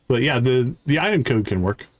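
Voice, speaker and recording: A man hosting a livestream, chatting casually with fillers and quick asides as he plays. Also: medium pitch, expressive, no echo. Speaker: livestream host. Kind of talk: casual game commentary. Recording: faint game music behind.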